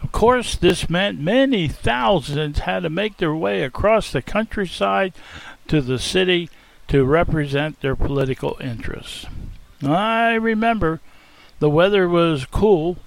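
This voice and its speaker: Man telling a first-person story in character, folksy and theatrical, gravelly voice, kinda high. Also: animated, measured pace, low-quality recording. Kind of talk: first-person dramatic monologue.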